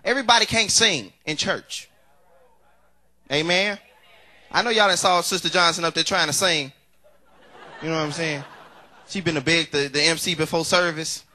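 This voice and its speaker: A man's voice: on the high side, moderate pace, pauses often, pushed and bright, slight background noise. A young male stand-up comedian with a congested voice, talking casually and teasing the audience.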